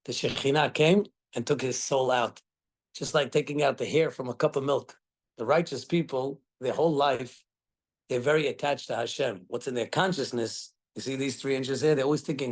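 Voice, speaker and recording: A middle-aged man, a rabbi, giving a Torah class and telling the story with animated acted quotes. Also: mid-range voice, a little fast.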